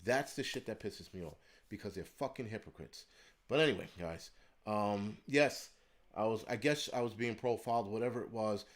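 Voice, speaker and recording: A man's voice: lowish voice, moderate pace. A man hosting his channel, telling a story in a heated, profane rant. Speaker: host of a prepping channel. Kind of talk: ranting storytelling monologue.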